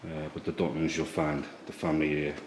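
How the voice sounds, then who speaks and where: A man quietly explaining history as he walks visitors through a museum in an old priory. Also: little pitch movement, a little fast. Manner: hushed, low-key explaining. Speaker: history tour guide. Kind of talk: walking tour vlog. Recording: echoey room with background noise.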